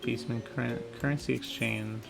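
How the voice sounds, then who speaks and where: A man's voice: medium pitch, steady tone, moderate pace, vocal fry, music in the background. A man casually thinking aloud while playing a video game. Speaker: gamer. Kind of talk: casual gameplay commentary.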